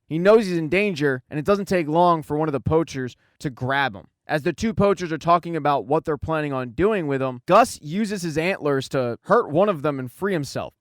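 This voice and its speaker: A man narrating a scripted recap of a show, telling the story briskly and reading quoted lines plainly. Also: a little high, dry recording, clean studio sound. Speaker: recap channel host.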